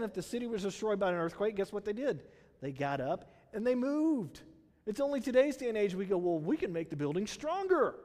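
Chatty high-voiced man preaching in a hall. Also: darkish tone. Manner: conversational, rhetorical questions, many fillers. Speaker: pastor. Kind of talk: sermon. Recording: hall reverb.

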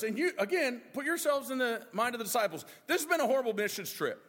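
Animated preacher man in a reverberant hall. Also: very high-pitched, fast, few pauses. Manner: acts out disciples' voices, joking asides. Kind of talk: animated sermon.

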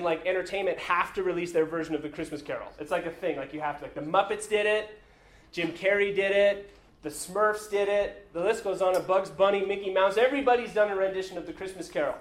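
Pastor, male, high voice; relaxed, joking sermon delivery in an echoey church hall. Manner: chatty, joking, many fillers. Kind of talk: casual sermon. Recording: echoey room.

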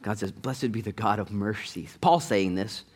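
A middle-aged male pastor preaches at normal speed in a slightly rough voice, telling stories conversationally and addressing the congregation directly. His animated delivery features sudden rises in pitch and volume.

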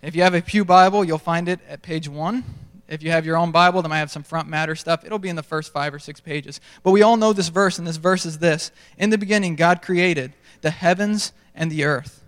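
Young man, casual storytelling preacher, fairly high clear voice, long church-hall reverb. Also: steady tone, brisk, few pauses, fairly bright tone. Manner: self-deprecating storytelling, conversational. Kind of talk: sermon. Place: large church stage.

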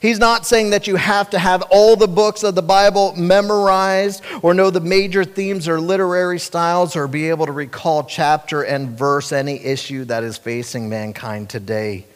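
A man's voice: sits high, steady tone, moderate pace, few pauses, clean tone, long reverb tail. A male pastor preaching a sermon, speaking emphatically and directly to the congregation.

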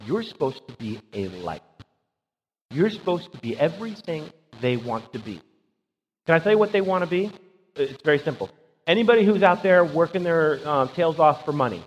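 A man's voice: a little high, lively intonation, normal speed, pauses often. A man preaching a conversational sermon as pastor, emphatic and often checking in with a rhetorical "right?". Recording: dull sound with long hall reverb.

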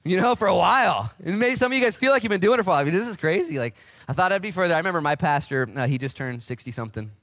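A man in his forties preaching a casual, energetic sermon as pastor in a church, with big swings in pitch. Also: rapid-fire, no room sound, studio quality. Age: 40s.

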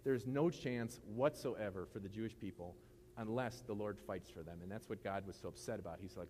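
A man's voice: on the low side, fairly quick, a little mellow, a little hiss or hum. A middle-aged man preaching a casual sermon as pastor, with conversational jokes and asides.

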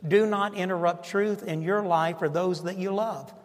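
A man's voice: high voice, steady tone, normal speed, in a large hall. A male pastor preaching a sermon, stressing his points and asking the congregation rhetorical questions.

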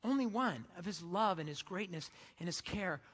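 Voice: medium pitch, animated, moderate pace, fairly bright tone, in a large hall. A preacher giving a sermon in a casual, storytelling way.

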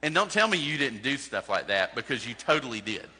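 A man's voice: medium pitch, sing-song, fairly quick, sharp tone, husky. A man preaching a sermon as a pastor, talking in a conversational way and putting direct questions to his congregation. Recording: long hall reverb.

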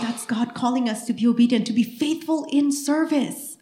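A middle-aged woman preaches to her congregation, slipping into playful back-and-forth dialogue as she tells her stories. Her voice sits a little high and carries through a roomy church sanctuary that rings with echo. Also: a little fast. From Mexican heritage. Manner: animated storytelling, acting out dialogue. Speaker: pastor. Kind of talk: sermon. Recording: echoey church room.

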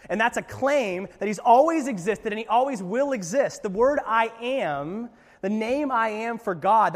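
A man preaching a sermon as pastor, retelling scripture in a casual, animated way with lively asides. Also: high-pitched, long reverb tail.

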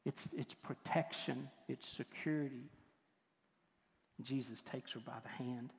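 An older man preaching a sermon as pastor, moving between forceful points and hushed, tender passages. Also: medium pitch, steady tone, unhurried, creaky. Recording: long hall reverb.

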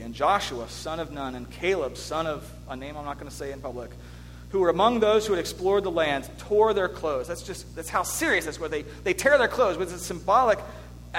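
A man preaching a sermon as pastor, earnest and animated, telling the story with restarts. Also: a little high. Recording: long hall reverb with faint hum.

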